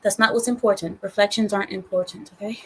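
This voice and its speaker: A woman hosting a casual livestream from a guest room at home, chatting with deadpan mock-stern jokes and apologetic asides. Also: mid-range voice, quick pace, slight background noise, low-quality recording. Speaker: livestream host.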